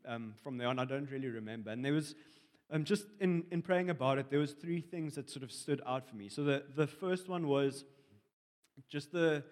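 A man's voice: a little high, in a large hall. A young man sharing a dream in church, telling it in a rambling, hesitant way full of fillers. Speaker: congregation member sharing a dream. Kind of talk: personal testimony in church. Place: church hall.

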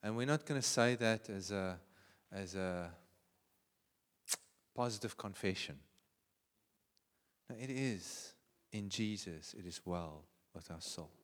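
A male pastor with a South African accent preaching a sermon, swinging from hushed, prayerful tones to loud, passionate cries. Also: low voice, slow, pauses often, long reverb tail.

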